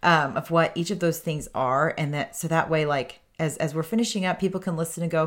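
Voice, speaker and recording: A woman's voice: deep voice, a little fast, hardly any pauses. A woman co-hosting a podcast with her husband, talking candidly and laughing easily. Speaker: podcast co-host. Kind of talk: casual podcast chat.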